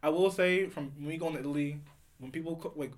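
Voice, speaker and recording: Fast-talking young man, rambling. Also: on the high side. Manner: rambling storyteller with restarts. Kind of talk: casual chat.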